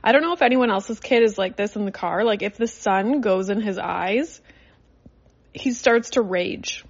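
Speaking from her car, a young Canadian woman hosts a solo podcast, chatting and rambling with plenty of filler words. Her voice is medium-pitched at a normal speed, and the sound quality is lo-fi.

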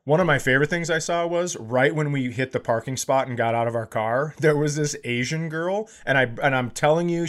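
A man in his forties, a podcast co-host telling a funny story in casual chat and acting out the people he quotes. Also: medium pitch. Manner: animated, acts out quoted voices loudly.

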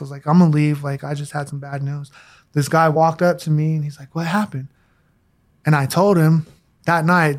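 A man from Denver, a guest on an interview show, telling his recovery story in a candid, slangy way. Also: on the high side. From Denver, USA. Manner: slangy and candid, acts out quoted voices.

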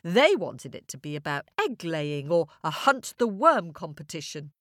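A woman's voice: low voice, sing-song, moderate pace, no echo, clean studio sound. A woman telling a children's fable, playfully addressing young listeners directly. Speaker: storyteller. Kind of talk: children's story narration.

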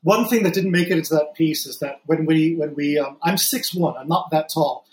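A man's voice: a little high, echoey room, rough recording. A man guesting on a podcast, telling anecdotes in casual conversation. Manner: chatty storyteller, quick anecdotes.

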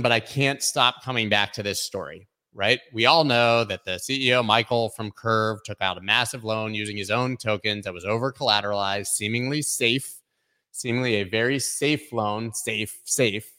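A man's voice: medium pitch, normal speed, pushed and bright. A man hosting a weekly crypto news show, talking casually with many fillers and opinionated asides. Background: construction noise.

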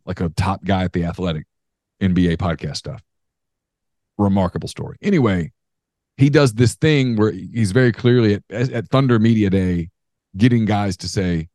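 Low-voiced man chatting sports. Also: darkish tone, no echo, studio quality. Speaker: podcast co-host. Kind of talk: casual sports talk.

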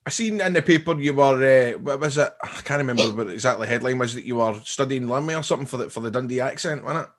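A man's voice: mid-range voice, fast, hardly any pauses. A Scottish man co-hosting a casual podcast, enthusiastic and sweary. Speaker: podcast co-host.

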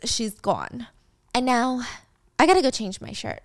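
A young woman casually retelling a drama's plot to viewers, animated, with playful asides. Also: fairly high pitch, measured pace. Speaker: video host retelling a drama. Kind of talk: casual story recap.

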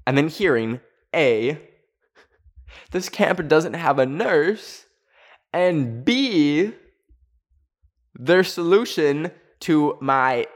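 A man in his twenties telling a personal story to camera in a casual, rambling way, full of "like". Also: on the high side. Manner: rambling, heavy use of filler "like". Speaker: storytelling video host.

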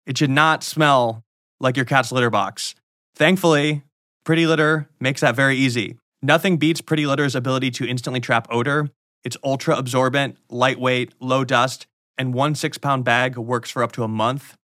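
A man's voice: mid-range voice, steady tone, normal speed, fairly bright tone, no echo. Male host, casual sponsor read, dry close sound. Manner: casual, chatty ad reading. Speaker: podcast host.

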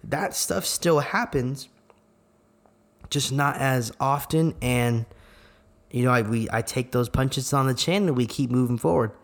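A man's voice: medium pitch, unhurried. Rambling young man podcast co-host. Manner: rambling, full of fillers like "you know what I mean". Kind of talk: casual chat.

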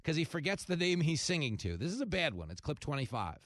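A man hosting a talk radio show in a fast, jokey monologue, breaking into loud comic bursts. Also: on the high side, sing-song, dry recording, clean studio sound.

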